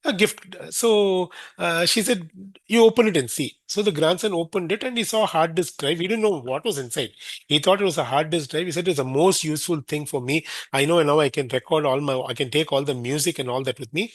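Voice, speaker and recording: A man's voice: on the high side, fairly quick, a bit bright, no room sound. A man with an Indian accent, a podcast guest telling a long anecdote, often acting out the words of the people in it. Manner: rambling anecdotes, acting out others' quoted words. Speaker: podcast guest, senior care expert. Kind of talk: storytelling in a podcast interview.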